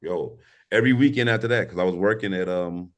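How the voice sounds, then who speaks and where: With a low voice and a fast delivery, a St. Louis, Missouri man in his forties rambles through stories as a guest on a podcast. The interview is casual, and his storytelling is relaxed and full of slang.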